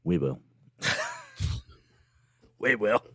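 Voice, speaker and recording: A man's voice: drawn-out words, dry recording, studio quality. A British man co-hosting a casual wrestling podcast, teasing his co-host. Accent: British English. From United Kingdom. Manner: teasing, animated storyteller. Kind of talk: casual chat.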